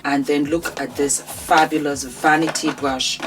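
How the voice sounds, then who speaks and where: A woman's voice: deep voice, fairly even intonation, unhurried, very noisy. A woman presenting her own products in a casual vlog, gushing and calling her viewers endearing pet names. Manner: effusive, showers viewers with endearments.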